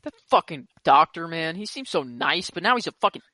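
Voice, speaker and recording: Animated guy, voice all over the place, bro this bro that, dry close mic. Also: on the high side, brisk, dry recording. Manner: animated, slangy, says "bro" a lot. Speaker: podcast co-host. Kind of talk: casual chat.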